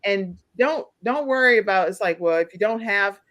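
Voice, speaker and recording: A woman hosts a live-streamed talk show in a voice of ordinary pitch. She is upbeat and encouraging, repeating key details slowly so listeners can catch them. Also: animated, fairly bright tone.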